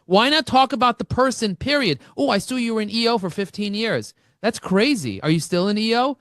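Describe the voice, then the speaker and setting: A man speaking as an interview guest, telling energetic stories and acting out both sides of conversations. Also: high-pitched, a little fast, no room sound, clean studio sound. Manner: animated, acts out dialogue with shifting voices. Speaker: podcast guest, marketing expert.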